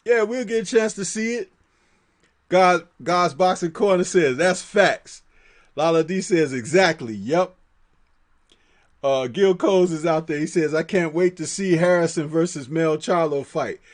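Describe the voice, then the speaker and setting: High-voiced man hosting rowdy boxing chat. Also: unhurried. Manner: animated, laughs often, profane, reads chat aloud. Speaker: boxing talk host. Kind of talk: live-stream boxing chat.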